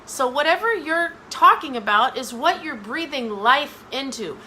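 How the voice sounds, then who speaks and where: A woman's voice: high-pitched, lively intonation, measured pace, bright, forceful tone, a little hiss or hum, low-quality recording. A middle-aged woman giving a motivational talk straight to her viewers, emphatic and repeating phrases for effect. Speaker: motivational speaker.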